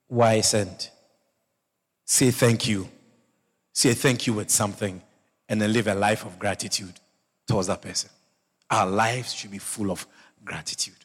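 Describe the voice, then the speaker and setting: A male pastor preaching a sermon and telling personal stories, swinging from loud exclamations to low murmurs. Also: breathy edge. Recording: long hall reverb.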